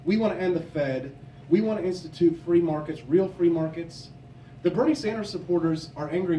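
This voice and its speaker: Recorded from a distance in a reverberant convention hall, a young man from Missouri, USA, who is running for office delivers a combative campaign speech. His fairly high voice is mellow and soft, not bright, and a little hiss or hum sits under the recording.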